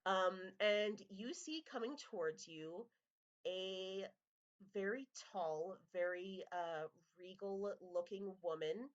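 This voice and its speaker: A woman game master narrates a tabletop game at an unhurried pace. Her delivery is relaxed and rambling. The recording sounds dull and lo-fi. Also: mid-range voice.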